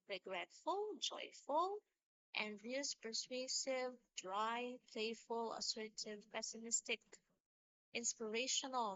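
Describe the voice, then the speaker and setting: Slow, bright-voiced woman teacher. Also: on the high side, lo-fi sound, a little hiss or hum. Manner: slow, deliberate explaining with restarts. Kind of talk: recorded lecture on poetry.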